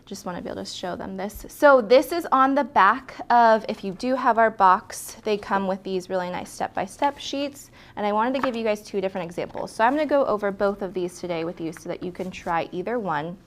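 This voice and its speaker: A woman's voice: medium pitch, fairly quick, few pauses. Female art instructor, casual and encouraging, talks through each step as she demonstrates. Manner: chatty, encouraging, self-correcting as she demonstrates. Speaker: lettering instructor. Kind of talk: casual hands-on tutorial.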